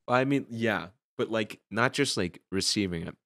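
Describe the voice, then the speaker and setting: A man's voice: lowish voice, normal speed, a bit bright, no room sound, studio quality. A young man hosting a casual podcast, telling rambling stories full of fillers and restarts. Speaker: podcast host.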